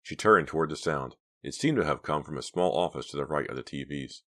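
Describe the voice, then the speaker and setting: Male audiobook narrator, extremely deep voice, quiet steady reading. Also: fairly quick. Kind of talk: scripted narration.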